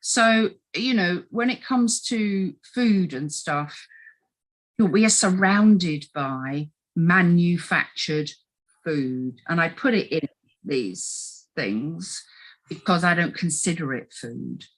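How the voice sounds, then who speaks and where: Lower-pitched woman, animated chat. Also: takes it slowly, low-quality recording. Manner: animated, acts out inner voices in quotes. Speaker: health coach guest. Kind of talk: casual conversational interview.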